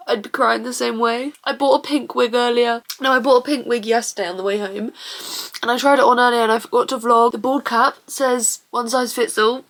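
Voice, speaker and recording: A woman's voice: a little high, fairly even intonation, a little fast, a bit bright. A woman vlogging in a casual confessional way, rambling emotionally with lots of fillers.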